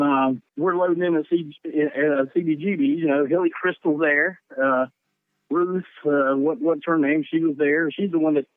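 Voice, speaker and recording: A man's voice: on the high side, no room sound. Southern man telling stories over a tinny phone line. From North Carolina. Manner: animated, profane, laughs mid-story. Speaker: guest. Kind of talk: casual storytelling.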